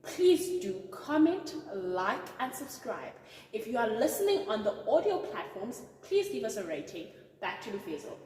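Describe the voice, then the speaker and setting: A woman's voice: fairly high pitch, very animated, moderate pace, darkish tone. A young woman hosting a podcast, talking in a chatty, upbeat way with many fillers. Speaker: podcast host. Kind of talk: casual chat. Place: room on a university campus. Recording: echoey room, mic far off.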